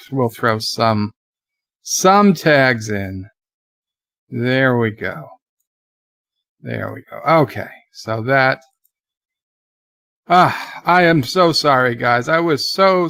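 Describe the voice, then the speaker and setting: A man hosting a casual livestream, reading viewer comments aloud and chatting in a slow, relaxed way. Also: medium pitch, clean tone, no room sound, clean studio sound. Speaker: livestream host.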